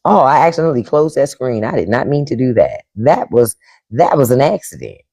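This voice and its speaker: Woman blunt, profane live-stream host with lively pitch. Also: brisk, slightly rough, dull audio. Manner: blunt, profane, animated, addresses chat by name. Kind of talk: unfiltered live-stream commentary.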